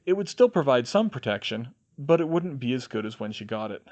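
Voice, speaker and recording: A man narrating a fan fiction audiobook in an expressive reading voice. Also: medium pitch, fairly quick, lo-fi sound. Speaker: audiobook reader.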